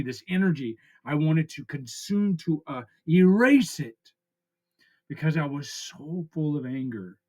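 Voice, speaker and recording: A man, talking in an emotional personal vlog. He is close to tears, and his raw, halting confession keeps breaking off. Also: medium pitch. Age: 40s. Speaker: vlogger. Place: his friend's house.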